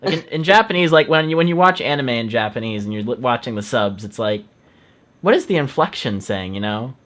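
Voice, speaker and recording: A man's voice: medium pitch, expressive, fairly quick, a bit bright. A man in the middle of his range hosts a casual online interview. He is friendly and talkative, reads out viewer questions and shares his own asides. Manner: friendly, chatty, laughs easily. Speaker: interview host.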